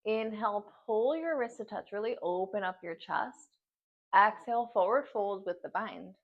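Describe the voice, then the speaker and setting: A woman's voice: mid-range voice, normal speed. Woman yoga teacher, breathless, short paced cues, home practice, muffled recording. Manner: short breath-paced instructions while doing the poses. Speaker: yoga instructor. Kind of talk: guided yoga class cues.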